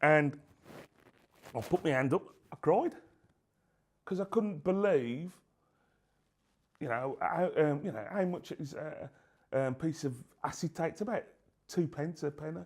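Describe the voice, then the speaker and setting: A middle-aged man gives a personal testimony in an interview. His voice is gravelly and set a little high for a man. He tells the story haltingly but with life, playing out both sides of past exchanges. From England. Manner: halting, lively storytelling, acts out both sides of old conversations.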